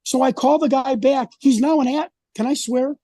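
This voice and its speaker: A man's voice: very high-pitched, moderate pace, mellow, no room sound. A man talking as an interview guest, rambling and indignant as he tells his story. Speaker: independent researcher, guest. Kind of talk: casual interview conversation.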